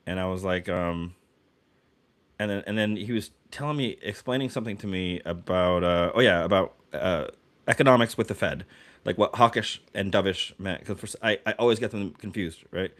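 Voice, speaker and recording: A man co-hosting a podcast in casual chat, talking excitably and restarting his sentences often. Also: low-pitched, moderate pace. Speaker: podcast co-host.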